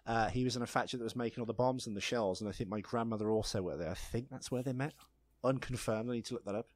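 A man's voice: medium pitch, rapid-fire, no room sound. A man co-hosting a podcast in casual chat, rambling and poking fun at himself. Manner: self-deprecating, jokey, rambling. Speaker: podcast co-host.

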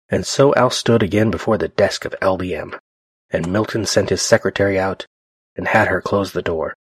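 Brief: male reader, deep husky voice, measured dramatic read, dry close sound. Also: no echo. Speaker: reader and host. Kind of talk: reading a novel aloud.

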